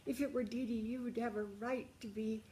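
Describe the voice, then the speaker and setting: A woman's voice: fairly high pitch, steady tone, fairly quick, dark tone, slight background noise, voice pushed up, close to an everyday voice. A woman quoting a firm, cold husband.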